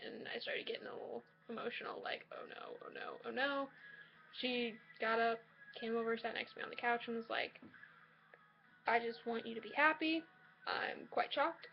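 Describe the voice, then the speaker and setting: A young woman with a fairly high voice talks casually to her camera from a shared dorm room, hesitant and full of restarts. The home-video sound is a bit muffled, with a faint hiss underneath. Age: young adult. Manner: chatty, hesitant, many likes and restarts. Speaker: college student vlogger. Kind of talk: casual personal storytelling.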